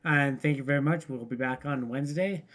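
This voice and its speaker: A man co-hosts a casual online news chat over a remote call, keeping it loose, full of fillers, and laughing often. His mid-range voice is fairly bright and a little fast.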